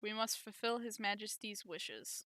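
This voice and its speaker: Girl reading a loyal knight guy, earnest formal lines, bright tone. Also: mid-range voice, unhurried, dry recording. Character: loyal devoted male knight guarding a princess.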